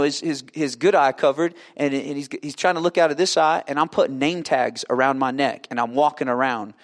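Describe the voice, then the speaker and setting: Male preacher, storytelling sermon, somewhat high voice, animated delivery. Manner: animated, acts out dialogue, swings from loud to hushed.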